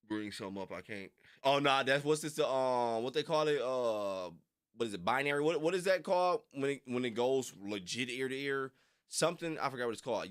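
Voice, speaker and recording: A man's voice: mid-range voice, fairly bright tone, no room sound, clean studio sound. A young man rambling casually on a livestream, full of slang and frequent laughter. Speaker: reaction streamer.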